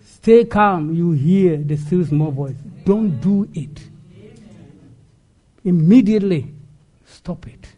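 High-voiced slow-paced male preacher. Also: lively intonation, husky, soft background music. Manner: call-and-response preaching with rhetorical questions and shouted exhortations. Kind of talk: sermon.

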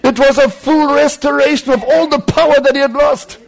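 A man preaching a sermon with fervent delivery, swinging between loud climbs and quieter asides. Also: extremely high pitch, fairly even intonation, normal speed, vocal fry.

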